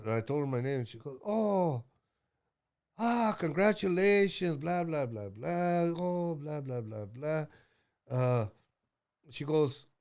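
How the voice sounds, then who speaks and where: A man's voice: mid-range voice, clean tone. A man in his sixties telling a rambling story as a guest, blunt and profane, with lots of fillers and restarts. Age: 60s.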